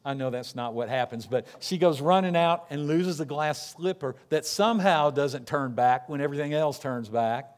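A man preaching a sermon, telling stories in a lively, conversational way and slipping into quick voices for the people in them. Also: a little high. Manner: animated storytelling, acting out characters in quick asides. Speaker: pastor.

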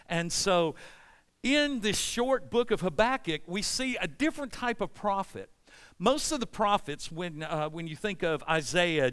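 Bright, high-voiced male preacher. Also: smooth. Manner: animated preaching, voicing anguished prayers to God. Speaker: pastor. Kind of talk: sermon.

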